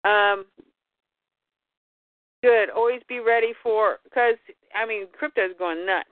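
A woman's voice: mid-range voice, slow pace, dry recording. A woman co-hosting a casual podcast, retelling a comic book story and quoting the characters in lightly changed voices. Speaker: podcast co-host. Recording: dry, phone-like line.

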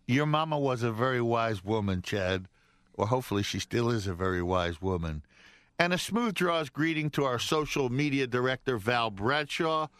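A man's voice: medium pitch, fairly bright tone, dry recording. A man hosting a live radio talk show from a studio, upbeat and joking as he banters with his co-host. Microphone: studio microphone.

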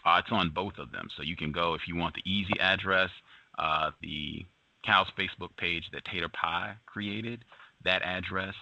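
A man hosting a radio show, reading the news and commenting with emphasis, repeating his points slowly. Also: sits low, vocal fry, bright, forceful tone, dry recording.

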